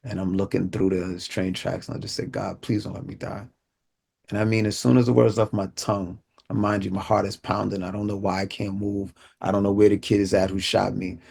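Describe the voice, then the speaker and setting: A man giving an inspirational talk, telling a personal story vividly and acting out what people said in street slang. He drops low and quiet at solemn moments. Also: level tone, fairly quick, gravelly, hardly any pauses, husky. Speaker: inspirational speaker.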